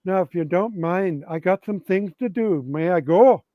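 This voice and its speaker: A man with a Scottish Highland accent playing a brash, cocky male warrior paladin from a tabletop game. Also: moderate pace, dry recording, close to an everyday voice. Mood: defiant. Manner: cocky, defiant. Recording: dull lo-fi sound.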